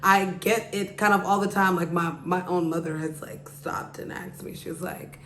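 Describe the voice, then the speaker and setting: Speaking at a moderate pace, this podcast host has a lowish, slightly bright voice with fairly even intonation. She rambles casually through a story, leaning heavily on "like" and "you know," in an echoey room with faint hiss or hum.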